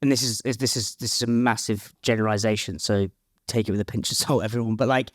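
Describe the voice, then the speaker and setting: A man's voice: on the low side, fairly even intonation, fast talker, no room sound, studio quality. Rambling man hosting a podcast. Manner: rambling, self-deprecating, casual with swearing. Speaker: podcast host. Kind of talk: casual podcast interview.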